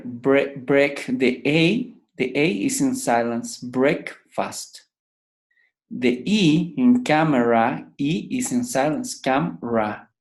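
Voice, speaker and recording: Slow, patient male English teacher. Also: medium pitch, darkish tone. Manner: repeats each word slowly to drill pronunciation. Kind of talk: pronunciation lesson.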